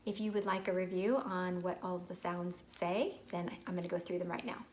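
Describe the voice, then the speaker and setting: A young woman, a teacher, explaining reading tips to parents in a clear, patient way and sounding out words as she would for children. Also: on the low side, steady tone, brisk, a little hiss or hum. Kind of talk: instructional video for parents.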